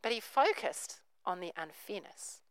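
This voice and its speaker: A woman's voice: lowish voice, big pitch swings, unhurried, smooth, no echo, low-quality recording. A woman, preaching a sermon, telling a story and acting out the characters' voices.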